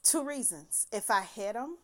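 Profane, animated woman telling a story. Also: on the high side, a little slow. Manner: profane, animated, laughs often. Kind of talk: casual storytime monologue.

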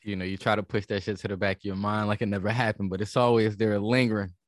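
A man's voice: on the low side, flat delivery, fast, no echo, clean studio sound. Man cutting in with teasing remarks. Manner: short teasing interjections and reactions. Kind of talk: casual chat.

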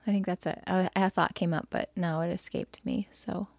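A woman's voice: lowish voice, steady tone, normal speed, vocal fry, no echo. A woman co-hosting a podcast in casual chat, talkative, laughing often and sometimes losing her train of thought. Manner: chatty and laughing, trails off mid-thought. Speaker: podcast co-host.

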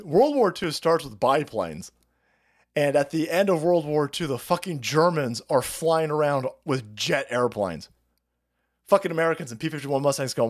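A man's voice: on the high side, moderate pace. A man hosting a livestream, ranting in a profane, mocking way and putting on voices to mimic the people he attacks. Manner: foul-mouthed, animated, mocking voices of opponents. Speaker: livestream host. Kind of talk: profane political rant.

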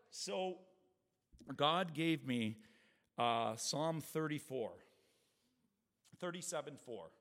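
A middle-aged man, a worship leader, praying and telling his testimony in a chatty, lively way, laughing often and acting out voices. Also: fairly high pitch, slow, long pauses. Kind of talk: prayer and personal testimony talk. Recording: long reverb of a large hall.

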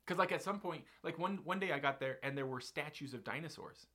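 A man's voice: fairly high pitch, a little fast, bright, forceful tone. A man hosting a podcast, telling a long story in a casual, rambling way with lots of fillers and restarts.

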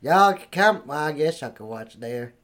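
A man's voice: fairly high pitch, expressive, moderate pace, a bit bright. A man trading crude, boastful banter and cussing often between lines. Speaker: backyard singer. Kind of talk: comedic redneck banter and bad singing.

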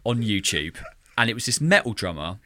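A man's voice: lowish voice, a little fast, dry recording. A man co-hosting a podcast, talking passionately about music teaching and scatting drum rhythms. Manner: passionate, animated, mimics drum rhythms vocally. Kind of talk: casual podcast chat.

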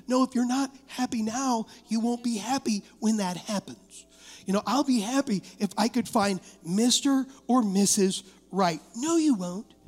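High-voiced animated male pastor in a big reverberant hall. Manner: animated storytelling preacher, laughing through stories. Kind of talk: sermon. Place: church sanctuary.

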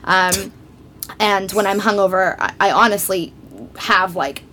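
A woman's voice: medium pitch, unhurried, slight background noise. Chatty woman guest telling a story. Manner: animated, self-mocking, giggly. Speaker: podcast guest. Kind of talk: casual chat, storytelling.

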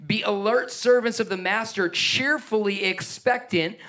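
High-voiced energetic male preacher. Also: unhurried. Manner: energetic, emphatic preaching with asides and chuckles. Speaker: pastor. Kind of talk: sermon.

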